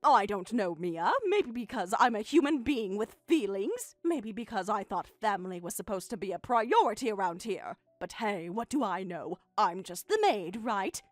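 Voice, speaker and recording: A woman's voice: mid-range voice, a bit bright, dry recording, voice pushed down. A woman voicing a bitter, hurt middle-aged mother in a dramatized text-story reading, speaking in a cold, sarcastic, clipped way.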